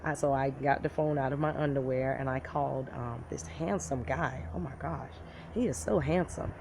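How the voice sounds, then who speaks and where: A woman from the United States telling a personal story to camera in a blunt, profane, animated way. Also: a bass voice, normal speed, gravelly. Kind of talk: casual storytime monologue. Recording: loud background noise.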